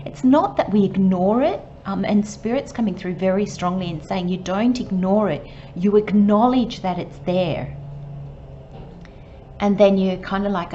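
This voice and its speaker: A woman giving a channelled tarot reading, talking slowly and gently and sometimes dropping to a soft murmur. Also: medium pitch, highs cut off, slight background noise. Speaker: tarot reader.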